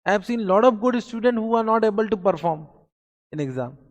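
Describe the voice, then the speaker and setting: A man with an Indian English accent gives an exam pep talk to a class, asking rhetorical questions and repeating himself for emphasis. His voice sits fairly high for a man. A long reverb trails after every line. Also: expressive, fairly quick, muffled recording. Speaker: accountancy exam lecturer. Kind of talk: motivational revision lecture.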